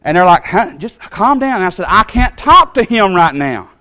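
Preacher, storytelling, a bit high-pitched, animated, acts out the voices. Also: male voice, moderate pace. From Tennessee. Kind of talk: storytelling sermon.

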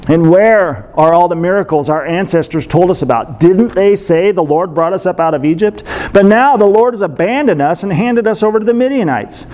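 A man's voice: high voice, expressive, fairly quick, hardly any pauses, darkish tone. A man reading the part of a fearful, doubtful young male farmer from scripture, his voice rising as he questions and pleads.

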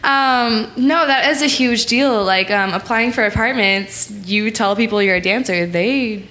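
Young woman on a podcast, bright crisp voice, rambly with lots of likes. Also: a little high, a little slow, a little hiss or hum. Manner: chatty, lots of likes and ums, laughs often. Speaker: guest. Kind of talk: casual podcast chat.

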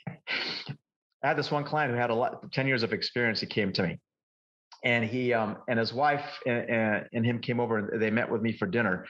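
Guy coaching investors on a podcast, lively stories, stumbles and restarts, kinda muffled audio. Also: mid-range voice. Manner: animated, lively anecdotes with frequent restarts. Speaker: market forecasting coach, guest. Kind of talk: conversational interview storytelling.

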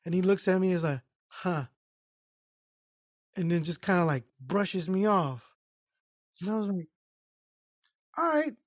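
A man's voice: high voice, measured pace, long pauses, dry recording, clean studio sound. A man telling a work story in casual podcast chat, swearing and acting out what people said. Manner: profane, animated retelling with quoted voices. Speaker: podcast co-host.

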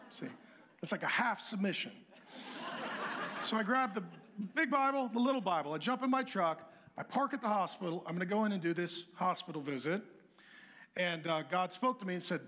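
A middle-aged pastor with a high voice tells a funny testimony in a lively, self-mocking way. He breaks into acted-out dialogue as he goes. The sound is his own plain speaking voice. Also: brisk. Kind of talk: humorous testimony storytelling.

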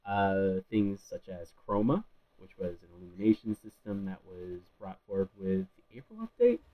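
A man's voice: deep voice, expressive, normal speed, dull audio. A man co-hosting a podcast, explaining background details from his notes in casual chat. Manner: informative, reading from notes. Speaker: podcast co-host.

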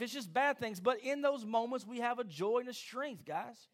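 High-voiced, animated preaching man. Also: normal speed, hardly any pauses. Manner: animated, acts out quoted voices. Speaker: pastor. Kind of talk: sermon.

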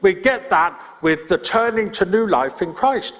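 A man's voice: high-pitched, expressive, a little slow, fairly bright tone, long reverb tail. A male pastor preaching a sermon in an earnest, plain-spoken way, repeating his key points. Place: church.

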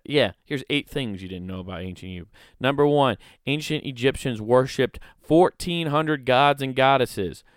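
A man's voice: medium pitch, normal speed, few pauses, dry recording, clean studio sound. A young man vlogging in a casual, rambling, jokey way, riffing into comic bits. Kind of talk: casual comedic commentary.

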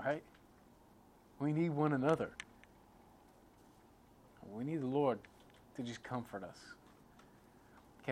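A man's voice: mid-range voice, a little hiss or hum. Conversational male pastor preaching. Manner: conversational preaching, frequent "right?" check-ins, swings between quiet and loud. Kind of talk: sermon.

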